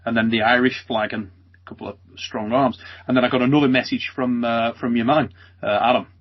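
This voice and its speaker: Jokey man interviewer, husky voice. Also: mid-range voice, level tone, brisk. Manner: jokey, laughs often, says "mate" and "son". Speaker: interviewer and channel host. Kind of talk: casual interview. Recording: muffled lo-fi audio.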